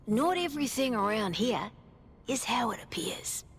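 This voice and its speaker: An actress voicing a sly, conspiratorial female robot citizen with an Australian accent, confiding and lively, in a video game. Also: fairly high pitch, moderate pace, gravelly, a little hiss or hum. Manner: lively, confiding, drops to a whisper.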